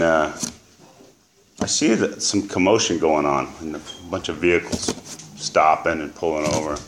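Deep-voiced man telling a raw personal story. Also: a little hiss or hum. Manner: halting, emotional storytelling with many fillers. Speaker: recovery speaker. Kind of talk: personal testimony.

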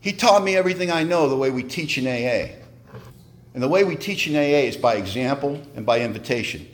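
A man sharing his story at a recovery meeting, animated and joking in a wry way. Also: medium pitch, fairly quick.

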